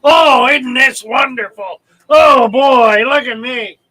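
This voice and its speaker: A man voicing a brash teenage boy who shows off with loud, gushing exclamations. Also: very high voice, slow pace, slight background noise, voice pushed up, heavily acted, poor audio.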